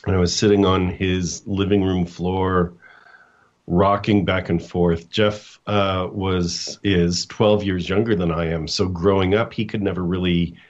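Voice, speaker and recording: A middle-aged man, a coach and guest, telling a personal story in a halting way, with restarts and acted-out quotes. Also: sits low, steady tone, dull audio. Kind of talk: storytelling in a casual interview.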